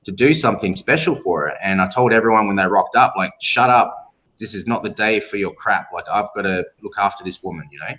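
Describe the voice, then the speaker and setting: In a fairly low voice and at a slightly fast clip, a middle-aged Australian man tells stories as a guest in a casual interview. He's a tattoo artist and an animated storyteller who performs the voices of anyone he quotes.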